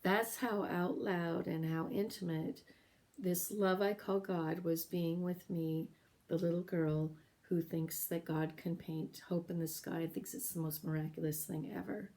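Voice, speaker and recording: A middle-aged woman telling a personal story in an earnest, emotional way, pausing often as she speaks. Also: on the low side, fairly even intonation, a little mellow. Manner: earnest, emotional, with halting pauses. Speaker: podcast host sharing her story.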